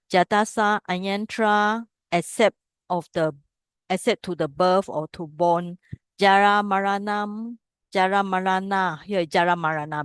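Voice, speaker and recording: A woman's voice: lowish voice, clear, resonant tone, dry recording, studio quality. A woman teaching a class on reading old scripture. She explains step by step and keeps checking with the students. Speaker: Pali teacher. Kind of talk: classroom text study lesson.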